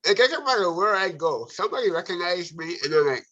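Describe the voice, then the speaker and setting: A male host chatting in a playful, easygoing way, his slightly high voice bright and forceful. The sound is dull and lo-fi. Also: big pitch swings, fast talker. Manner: playful, acts out his own reactions. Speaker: interview host. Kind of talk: casual chat.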